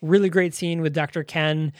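A man talking over a movie on a podcast, his voice sitting a little high. He retells scenes with quoted dialogue, recorded close and dry with no room sound. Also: moderate pace, no room sound. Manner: animated scene retelling with acted-out quotes and laughs. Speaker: podcast co-host. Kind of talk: casual movie review chat.

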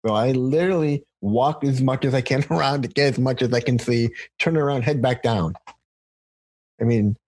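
A man's voice: medium pitch, normal speed, darkish tone, slightly rough, no room sound. A man hosting a casual interview, telling a story in a rambling way with many restarts. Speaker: podcast host. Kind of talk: casual conversation.

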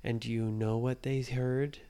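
Male storyteller, unhurried, mid-pitched, bedtime tone. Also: little pitch movement, dark tone, clean tone. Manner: slow, suspenseful, dropping to whispers.

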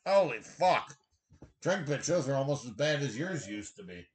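A man's voice: medium pitch, sing-song, normal speed, roomy sound. A man co-hosting a podcast, chatting casually with crude, profane teasing. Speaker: podcast co-host. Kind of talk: casual chat.

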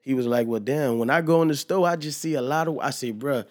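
A young man hosting a casual solo podcast, loose and joking, sometimes getting loud and animated. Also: mid-range voice, quick pace. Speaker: podcast host.

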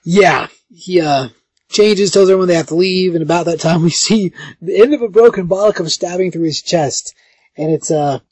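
A man co-hosting a podcast, recapping a comic book in casual, animated talk and jumping in with plot details. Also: sits high, normal speed, slightly rough, no room sound. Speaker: podcast co-host.

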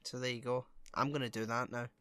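A man chatting casually about a film, playful and jokey, asking questions in quick bursts. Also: medium pitch, level tone, fairly bright tone, clear, resonant tone, dry recording.

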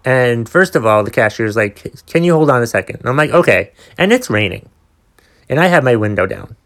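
Man, young adult, solo podcast host, ranting, profane, exasperated, rambling storyteller, mid-pitched voice.

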